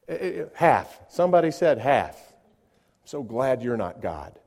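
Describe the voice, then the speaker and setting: A middle-aged man preaching a sermon, often repeating words as he starts sentences and moving between soft asides and loud emphatic peaks. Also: on the high side, very animated, unhurried. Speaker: pastor.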